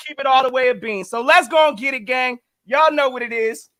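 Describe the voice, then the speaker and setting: A man appearing as a hype-man guest on a sports show, talking with loud, slangy energy. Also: very high-pitched, fairly quick, no echo, clean studio sound. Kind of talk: casual sports show chat.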